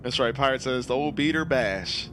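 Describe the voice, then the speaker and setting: A man's voice: mid-range voice, normal speed, background noise. A tired man casually chatting as a game streamer, reading viewers' comments aloud. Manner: laid-back, chatty, reads chat aloud. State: tired, yawning. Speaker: streamer hosting a racing game community. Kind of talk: casual live-stream chat.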